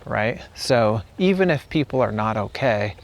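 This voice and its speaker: Slow-talking man with a gravelly voice. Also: fairly low pitch, lively intonation. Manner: unhurried, repeats example phrases to demonstrate them. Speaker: English teacher. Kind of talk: casual spoken lesson. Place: outdoors on a walk.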